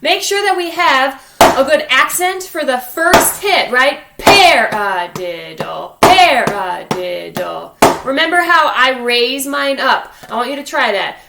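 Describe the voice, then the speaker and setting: A woman's voice: high voice, a little slow, echoey room, very noisy. A woman teaching a drum lesson to young students, counting aloud and encouraging them step by step. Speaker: music teacher. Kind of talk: online drum lesson for children. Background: drumstick clicks on a practice pad.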